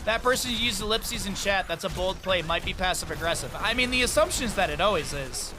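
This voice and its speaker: A man's voice: high-pitched, lively intonation, a little fast, background noise. A man casting a video game match play by play, calling the action and slipping in chatty, joking asides. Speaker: esports caster.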